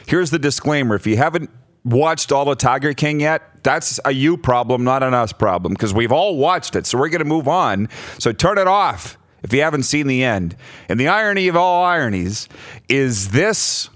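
Animated laughing radio host. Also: male voice, mid-range voice, normal speed, no room sound, clean studio sound. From Saskatchewan, Canada. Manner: animated, laughs often, reads listener messages. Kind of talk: casual sports radio banter. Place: radio studio.

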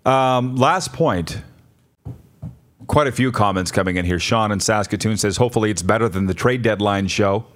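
A man's voice: lowish voice, moderate pace, slight background noise. A man hosting a sports radio talk show, reading listener comments and chatting with co-hosts. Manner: chatty, rhetorical, animated. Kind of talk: casual sports radio chat.

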